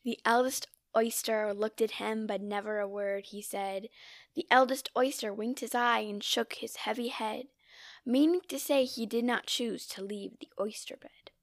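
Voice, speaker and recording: A woman reciting a classic narrative poem in a measured, theatrical way, now and then dropping to a whisper. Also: on the high side, vocal fry, no room sound, studio quality. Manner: measured, theatrical reading with sudden drops to a whisper. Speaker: poetry reader. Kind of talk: poetry recitation.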